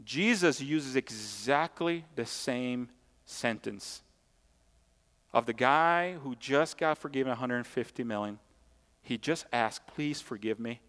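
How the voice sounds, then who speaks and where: A man's voice: medium pitch, expressive, slow, a bit bright. A man preaching a sermon as pastor, emphatic and conversational, repeating key points and tossing asides to the congregation. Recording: long hall reverb.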